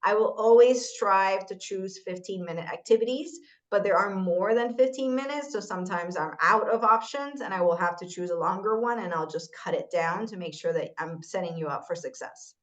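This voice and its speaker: A woman training volunteer tutors, walking through a lesson plan on a shared screen in a casual, explanatory way with quick apologies. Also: mid-range voice, muffled recording.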